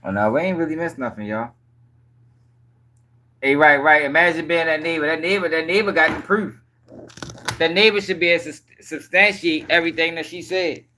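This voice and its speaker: A tired young man hosting a late-night livestream, chatting with viewers in a casual, profane, animated way. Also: fairly high pitch, fairly quick, long pauses, a little hiss or hum. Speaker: livestream news commentary host.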